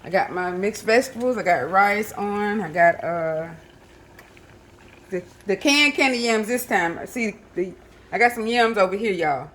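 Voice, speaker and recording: A home cooking vlogger chats casually with viewers as she cooks in her home kitchen, calling them "y'all" and using plenty of fillers. Her voice is mid-range and a bit bright, at a measured pace.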